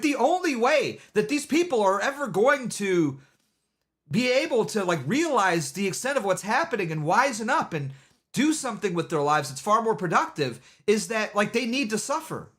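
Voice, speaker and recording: A man with a high, fairly bright voice is streaming live, offering loose, casual commentary. He rambles, repeats himself, and keeps restarting his sentences.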